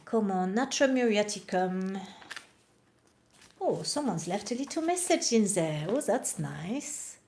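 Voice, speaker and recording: A woman's voice: mid-range voice, animated, unhurried, darkish tone, slight background noise. A woman reading aloud from old books at night and chatting to the camera between passages. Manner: chatty, reads aloud and comments, talks to camera. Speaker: reader of homeopathy books.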